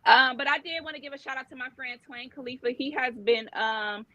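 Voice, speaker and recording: A woman podcast host chatting casually and giving relaxed shout-outs. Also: high-pitched, fairly quick, no room sound.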